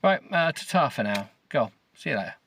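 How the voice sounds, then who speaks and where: A man's voice: mid-range voice, sing-song, fairly quick, vocal fry, fairly bright tone. A middle-aged man hosting a podcast, reading a novel aloud with sarcasm, swearing and stumbling over words. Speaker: podcast host. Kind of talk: mocking comedic reading of a novel.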